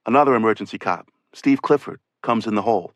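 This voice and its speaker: A man's voice: on the low side, quick pace, no echo. Man reading first-person testimony, dry. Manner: voices witness testimony in first person, conversational. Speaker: audiobook narrator. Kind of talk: oral history audiobook reading.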